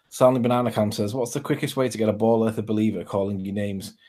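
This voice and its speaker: A man with a Scouse accent from Liverpool, chatting casually on an online video call, mocking and quick to laugh. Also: on the low side, a little mellow. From Liverpool, England.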